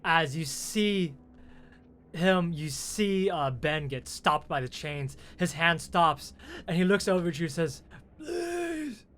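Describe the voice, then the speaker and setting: A man's voice: on the high side, a bit bright. Man narrating a tabletop game. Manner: halting, restarting descriptive narration. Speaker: game master.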